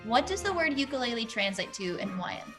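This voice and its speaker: A young woman runs a light quiz, playful and encouraging, her voice high and bright. Her pitch jumps around a lot as she cheers her guest on. Faint music sits under her voice. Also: sing-song, brisk. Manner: playful, encouraging hype-girl. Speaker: host. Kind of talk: casual quiz hosting.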